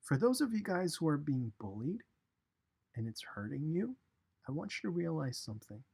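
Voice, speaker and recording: A man leading a youth devotional, telling a story in a lively way and speaking straight to his listeners. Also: on the high side, normal speed, vocal fry, husky. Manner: animated storytelling, direct address to listeners. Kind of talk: casual recorded devotional talk.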